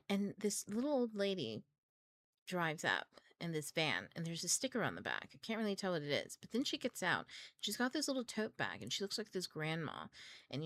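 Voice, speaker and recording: A woman's voice: lowish voice, fairly bright tone, dry recording. A young adult woman hosting a book club stream, telling a story in a chatty way with many fillers and frequent laughs. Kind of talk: casual storytelling livestream.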